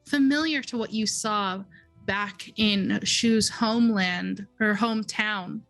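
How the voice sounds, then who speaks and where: A woman game master narrating a dream sequence slowly and deliberately, in second person. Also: medium pitch, fairly bright tone, faint music behind, rough recording.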